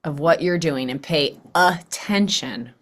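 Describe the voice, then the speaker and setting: Woman host, middle-aged, a little low-pitched, animated chat that dips into playful quoted voices. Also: slow. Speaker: podcast host. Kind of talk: casual conversational interview.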